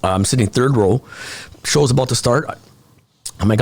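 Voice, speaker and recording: A man who is a comedian, telling stories as a guest in a casual podcast chat, animated and profane. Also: mid-range voice, normal speed, creaky. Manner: animated storytelling, frequent swearing.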